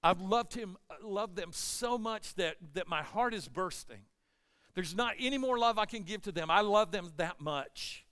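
A man preaching a sermon with passion, his delivery swinging between hushed, intense passages and loud, emphatic ones. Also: high voice, lively intonation, measured pace, clean tone.

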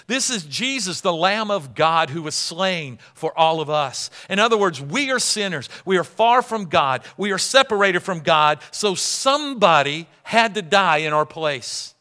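Bright-voiced male preacher in a reverberant hall. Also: high-pitched, expressive, unhurried, hardly any pauses. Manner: dramatic preaching, swings from loud to hushed. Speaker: pastor. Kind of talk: sermon.

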